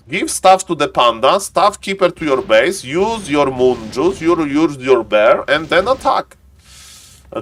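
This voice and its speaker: A man streaming and commentating a strategy game match live, chatty and excitable, breaking into sudden high shouts and greeting viewers by name.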